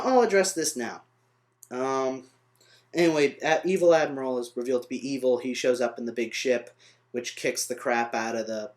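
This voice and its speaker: Rambling, ranting young man. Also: on the high side. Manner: rambling, trails off on tangents, frustrated. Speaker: vlogger reviewing a film. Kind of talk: off-the-cuff vlog rant.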